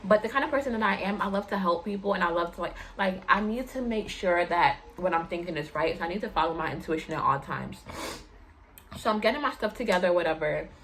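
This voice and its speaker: Young new woman spilling a storytime, slangy and animated, faint hiss behind. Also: fast talker, low-quality recording. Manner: animated, slangy, acts out quotes in higher voice. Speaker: vlogger telling a personal story. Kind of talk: casual storytime chat.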